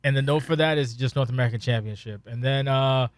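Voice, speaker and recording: A man hosting a casual podcast, talking in an excitable, profane, rambling way. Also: mid-range voice, quick pace, no echo. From Spanish heritage. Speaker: podcast host.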